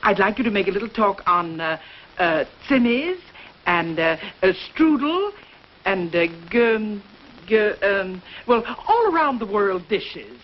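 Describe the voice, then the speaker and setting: An actress playing an effusive, gushing suburban neighbor in a 1950s TV sitcom, on a dull old soundtrack. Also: female voice, mid-range voice, big pitch swings, unhurried, a little hiss or hum. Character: gushing, food-loving suburban neighbor woman.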